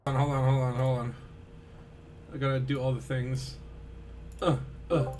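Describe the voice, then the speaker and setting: A man's voice: mid-range voice, little pitch movement, normal speed, a little mellow, slight background noise. A man chatting casually and rambling to his viewers while streaming a game. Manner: chatty, rambling, talks to chat while playing. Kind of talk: casual gaming stream chat.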